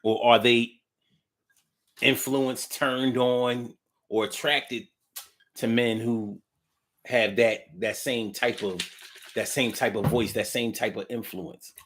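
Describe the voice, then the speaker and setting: A man's voice: mid-range voice, fairly even intonation, slow pace, pauses often, fairly bright tone. A man hosting a livestream, reading viewer comments aloud and musing in a casual, drifting way with frequent hums, restarts and the odd swear word. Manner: blunt, with casual profanity.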